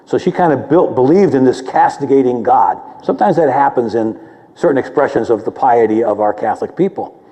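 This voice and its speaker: A man, a theologian, giving a public lecture and answering a question in a conversational, humble way, sometimes repeating words when he gets excited. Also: medium pitch, brisk, highs cut off. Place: lecture hall. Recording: long hall reverb.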